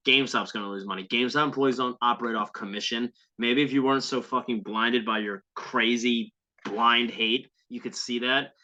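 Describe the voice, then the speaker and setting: A man's voice: mid-range voice, fairly even intonation, normal speed, sharp tone. A man hosting a podcast, delivering heated, profane, sarcastic commentary on a viral video clip. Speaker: podcast host. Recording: dull lo-fi sound.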